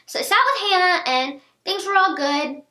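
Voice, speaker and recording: A teenage girl telling a storytime vlog in casual chat, animated, acting out what others said. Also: very high-pitched, moderate pace. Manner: chatty, animated, acts out quotes of others. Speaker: vlogger. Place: indoor room, seated on a chair. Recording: echoey room.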